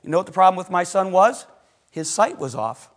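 A middle-aged man with a notably high voice preaches to his congregation. He tells a story with animated swings between booming excitement and quiet, hushed passages, and stops to put questions to the listeners. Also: a little fast. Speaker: pastor. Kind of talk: sermon with personal story.

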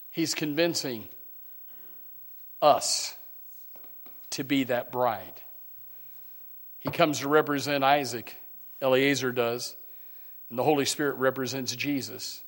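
Fervent preacher, loud then hushed. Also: male voice, fairly high pitch, steady tone, unhurried, pauses often. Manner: many restarts and repeated words; reads scripture in old-fashioned wording. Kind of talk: sermon.

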